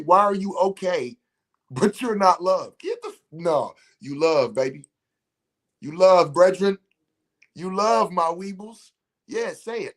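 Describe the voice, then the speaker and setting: A man's voice: a little high, animated, a little slow, fairly bright tone. A man leading a motivational spiritual talk, preaching emphatically and speaking straight to his listeners as a ceremony facilitator.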